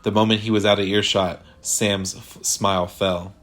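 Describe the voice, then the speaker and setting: Low-voiced man narrating a horror story. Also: flat delivery, moderate pace, a bit bright, soft background music.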